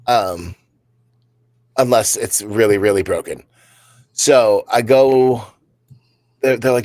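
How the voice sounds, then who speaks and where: A man's voice: on the low side, takes it slowly, pauses often, darkish tone, no room sound. A man co-hosting a comedy podcast, telling rambling workplace stories and laughing at his own jokes. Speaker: podcast co-host. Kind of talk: casual comedic storytelling.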